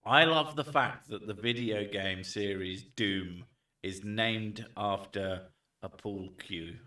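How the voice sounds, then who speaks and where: A man chatting casually and jokingly on stream, swearing now and then and throwing in loud bits. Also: on the low side, takes it slowly. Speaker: streamer host. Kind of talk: casual chat. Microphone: desk mic set back from him. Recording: echoey room, far from mic.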